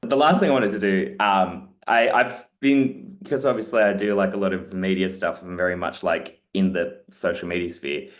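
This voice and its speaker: A man's voice: sits low, steady tone, moderate pace, few pauses. A man interviewing a guest, eager and full of fillers. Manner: eager, uses lots of fillers. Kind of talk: interview conversation.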